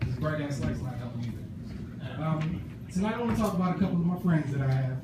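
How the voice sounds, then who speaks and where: A man doing a stand-up comedy set at an open mic, telling animated stories and acting out his friends' voices. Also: on the high side, fast. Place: small comedy club stage. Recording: echoey room, far mic, noisy.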